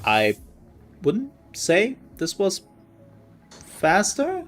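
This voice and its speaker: A laid-back man streaming a game, talking at an unhurried pace and chatting casually as he plays. Faint game music sits behind his mid-pitched voice. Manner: relaxed, chatty, thanks viewers. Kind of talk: casual gameplay commentary.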